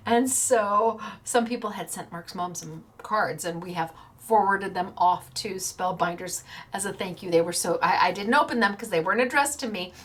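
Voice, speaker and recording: A woman's voice: medium pitch, fairly bright tone. A woman hosting a paper-crafting show, talking in a bubbly, chatty way, laughing often and acting out little quotes. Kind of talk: casual chatty livestream.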